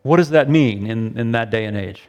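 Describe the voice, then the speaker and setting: A man's voice: mid-range voice, normal speed, a little mellow, slight background noise. A middle-aged man leading a sermon discussion, talking casually and often checking in with "right?" as he asks the group questions. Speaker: pastor. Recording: long hall reverb.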